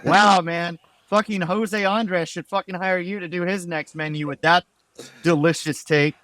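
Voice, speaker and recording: Male co-host, high-pitched, sarcastic and profane, dry close recording. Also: steady tone, measured pace, fairly bright tone, dry recording. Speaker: podcast co-host. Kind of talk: casual sports podcast banter.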